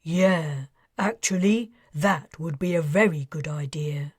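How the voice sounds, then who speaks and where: Scheming ex-financier read by a woman, guarded and low, audiobook. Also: slow, darkish tone, slightly rough, dry recording, clean studio sound, heavily acted. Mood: furtive. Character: scheming male ex-financier, furtive and smug.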